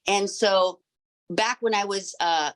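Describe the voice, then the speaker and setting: A woman's voice: medium pitch, takes it slowly, fairly bright tone. Woman in her 40s telling her healing story, earnest, lots of ums and restarts, middling voice. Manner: earnest, rambling, many fillers and restarts. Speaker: sound healer and crystal shop owner.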